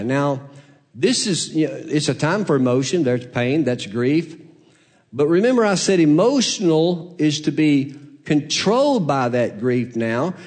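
Animated preacher man, big swings. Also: mid-range voice. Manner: dramatic swings from hushed to loud preaching. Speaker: pastor. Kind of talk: sermon.

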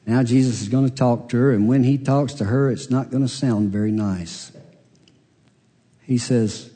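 A man's voice: mid-range voice, steady tone, normal speed, mellow. A man preaching a sermon as a pastor, telling a story and acting out the voices of the people in it. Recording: long reverb of a large hall.

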